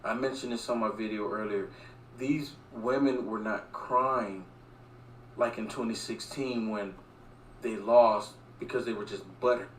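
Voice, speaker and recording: A man's voice: lowish voice, steady tone, measured pace. A man talks earnestly to camera in a vlog, repeating his points. He sounds far from the mic in an echoey space. A faint noise runs underneath. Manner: repetitive, earnest. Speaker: vlogger. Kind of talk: vlog monologue.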